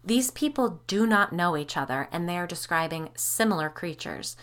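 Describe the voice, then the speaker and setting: Brief: a woman reading an earnest, talkative homesteader woman, lowish voice, audiobook story. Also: expressive, normal speed, fairly bright tone. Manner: chatty, earnest. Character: rambling theorizing woman homesteader.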